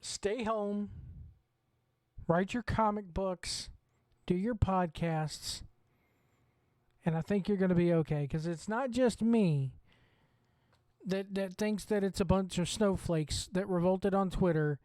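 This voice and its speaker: A man's voice: high-pitched, slow pace, pauses often, a little mellow, no echo. A man with a Southern US accent hosting a wrestling watch-along, ranting bluntly and swearing freely. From Southern United States. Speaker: wrestling show host. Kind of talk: opinionated watch-along commentary.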